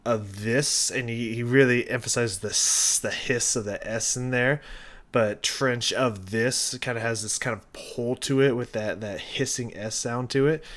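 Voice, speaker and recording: Male reaction host, casual song breakdown, halting and rambling, restarts often. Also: medium pitch, fairly even intonation, a bit bright. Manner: rambling, thinking aloud with many restarts and fillers. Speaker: music reaction youtuber.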